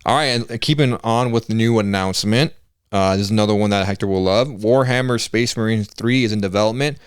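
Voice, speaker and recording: A man's voice: fairly low pitch, quick pace, smooth, dry recording, studio quality. A man hosting a casual gaming news podcast, laid-back and saying "like" and "bro" often. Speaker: podcast host reading news items. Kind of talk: casual chat.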